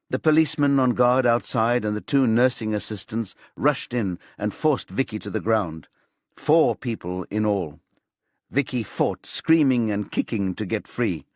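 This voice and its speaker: A man narrating a crime thriller audiobook in a lively, tense manner. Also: medium pitch, dry recording, studio quality. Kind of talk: scripted narration.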